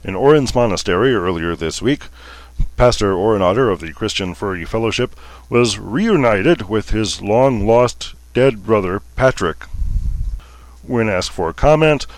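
Man anchoring a mock news show, low voice, deadpan formal reads, dry close recording. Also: unhurried, no echo. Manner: mock-formal with muttered asides. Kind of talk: parody newscast.

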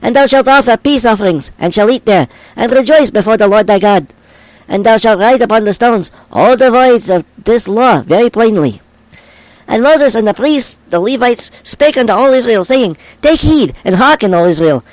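A man reading scripture aloud in a measured, solemn cadence, phrase by phrase. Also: sits high, animated, no echo, rough recording.

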